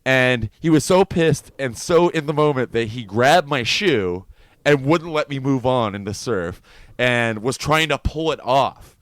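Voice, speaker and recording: Smooth-voiced man telling a story. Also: mid-range voice, lively intonation, measured pace, no echo. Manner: profane, storytelling, laughs easily. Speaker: podcast co-host. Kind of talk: casual chat.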